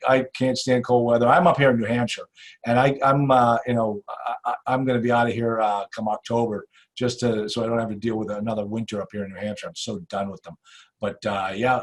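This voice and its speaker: An older man hosting a podcast, chatting casually and animatedly, with many restarts and trailing off quietly. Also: mid-range voice. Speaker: podcast host. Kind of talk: casual interview chat. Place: home in New Hampshire.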